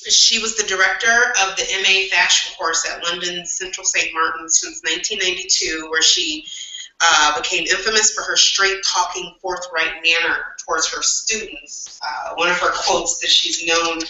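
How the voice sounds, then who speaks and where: Woman co-host, low and sharp voice, far from the mic in a roomy space. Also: moderate pace, a little hiss or hum. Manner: newsy, with filler ums. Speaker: podcast co-host. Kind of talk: casual podcast chat. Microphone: video call. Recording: roomy, distant video-call audio.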